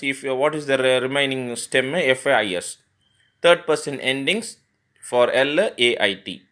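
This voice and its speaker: A male French teacher, from India, giving a recorded grammar lesson, often spelling words letter by letter and pausing with fillers. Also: medium pitch, bright, forceful tone.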